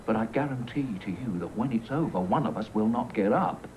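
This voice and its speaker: An actor with an English accent playing a calm, quietly menacing detective who speaks softly. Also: male voice, natural voice. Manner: soft-spoken, measured, low threat. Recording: noisy old videotape broadcast.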